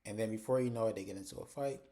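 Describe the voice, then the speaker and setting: A man hosts a casual, chatty recap of TV episodes, retelling scenes conversationally and saying "like" a lot. His voice is lowish and mellow, and he talks at a racing pace.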